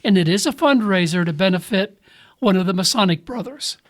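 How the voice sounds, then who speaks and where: Animated, high-voiced man joking through announcements. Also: fairly quick. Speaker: podcast host. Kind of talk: casual chat. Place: small podcast studio.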